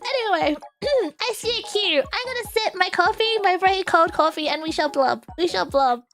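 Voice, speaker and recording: A woman's voice: extremely high pitch, lively intonation, moderate pace, few pauses, music in the background. A young woman hosting a live stream in casual chat, giggling often and ranting playfully at herself. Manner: playful, self-mocking rants. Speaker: streamer host.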